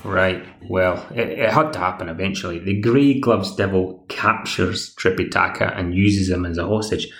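A Scottish man hosts a podcast and recaps a TV episode in a loose, chatty, rambling way, dropping wry asides as he goes. His low voice is gravelly, and it is recorded in an echoey room. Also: normal speed, few pauses, fairly bright tone. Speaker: podcast host.

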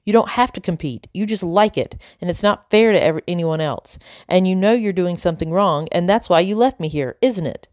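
A woman reading aloud, voicing an upset young boy who pleads with and shouts at his father. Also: on the low side, brisk, hardly any pauses, no echo, studio quality, natural voice.

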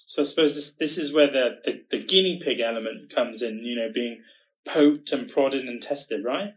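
A man co-hosting a podcast, talking in a halting way that repeats words as he gathers his thoughts. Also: medium pitch, rough recording. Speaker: podcast co-host working in research. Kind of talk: podcast conversation.

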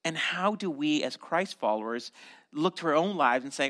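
Bright-voiced male pastor preaching. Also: on the high side, moderate pace. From Canada. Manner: animated teaching with acted asides and restarts. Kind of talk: sermon.

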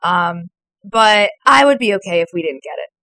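A woman's voice: medium pitch, animated, normal speed, pushed and bright, dry recording, low-quality recording. A woman co-hosting a fan podcast in casual, upbeat chat full of "like" and "I don't know.". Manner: chatty, upbeat, heavy use of "like". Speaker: podcast co-host.

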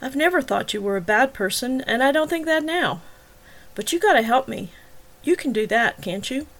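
A woman's voice: medium pitch, normal speed, a bit bright, natural voice. A woman reading as a stern detective father. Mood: pleading. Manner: blunt, pressing, interrogating. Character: stern worried middle-aged male detective father.

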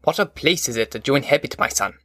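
A man voicing a gentle, grieving old father in an audiobook, speaking in a slow, sorrowful way. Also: mid-range voice, lively intonation, no room sound, clean studio sound, close to an everyday voice. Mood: mournful. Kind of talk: audiobook character voice.

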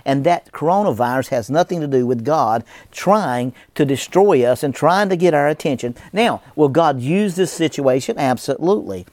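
A man's voice: on the high side, animated, moderate pace, few pauses, darkish tone, no echo. A man preaching a sermon as a pastor, emphatic, with a repetitive preaching cadence.

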